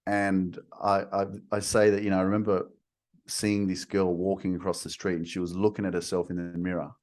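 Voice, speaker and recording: A man's voice: low voice, level tone, fairly quick, a little mellow. A man speaking as a podcast host, musing in a reflective chat and asking rhetorical questions.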